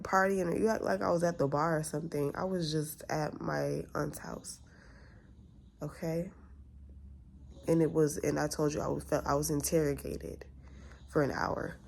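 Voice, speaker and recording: A young woman tells a story straight to camera, venting candidly and acting out both sides of an argument. Her lowish voice has a gravelly edge. A faint hiss sits under her voice. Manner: candid, venting, quotes others in lively asides. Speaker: vlogger. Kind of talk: casual storytime vlog.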